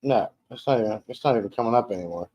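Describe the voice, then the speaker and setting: This man's voice is fairly low and mellow, and he talks at a racing pace over dull audio. Streaming casually from his home dining room, he reads out viewer comments and rambles, frequently restarting and repeating words.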